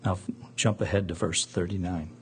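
Low, gravelly-voiced man preaching a sermon. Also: flat delivery, a little hiss or hum. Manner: earnest, measured storytelling. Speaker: pastor. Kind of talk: sermon with scripture reading.

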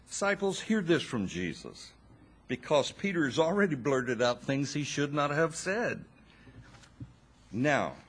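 Slow, expressive, husky male preacher. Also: fairly high pitch. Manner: slow, expressive preaching with dramatic pauses and wry asides. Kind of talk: sermon.

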